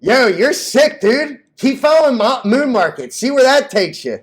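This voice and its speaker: Brash high-voiced young man. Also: sing-song, measured pace. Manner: brash, cocky, laughs at own jokes. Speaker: stock vlogger. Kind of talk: casual trading vlog rant.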